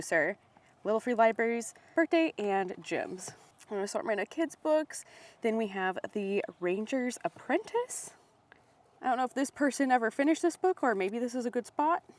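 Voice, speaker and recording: A young woman vlogging outdoors at little free libraries, chatting with bubbly excitement and reading book blurbs aloud. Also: on the high side. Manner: bubbly, excited, laughs often.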